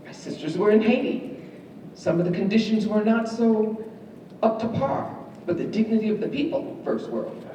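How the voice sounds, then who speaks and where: A woman's voice: medium pitch, moderate pace. Wry woman speaker in an echoey hall. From New York. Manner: lively, wry, teasing the audience with questions. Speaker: guest speaker. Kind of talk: university lecture to students. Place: large lecture hall. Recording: echoey hall from far off, faint room noise.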